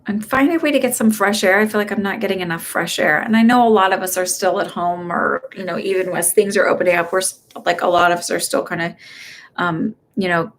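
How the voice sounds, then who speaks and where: A woman's voice: medium pitch, quick pace, slight background noise. Chatty woman giving live psychic readings. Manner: chatty, hesitant, many fillers and restarts. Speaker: psychic medium host. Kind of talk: casual live-stream reading.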